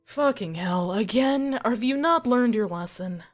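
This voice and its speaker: A woman narrating and running a tabletop role-playing game as game master, briskly directing players. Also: fairly high pitch, animated, soft background music.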